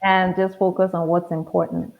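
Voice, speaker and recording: A woman with a Nigerian accent, a pharmacist telling stories in a relaxed, wry interview manner, often acting out other people's lines. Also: lowish voice, normal speed. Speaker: guest, pharmacist. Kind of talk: conversational interview storytelling. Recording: tinny, phone-like audio.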